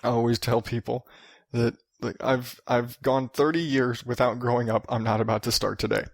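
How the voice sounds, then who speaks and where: A man's voice: medium pitch, flat delivery, moderate pace, gravelly, dry recording, clean studio sound. A man in his thirties hosting a solo podcast, ranting and rambling with lots of swearing. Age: 30s. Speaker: podcast host.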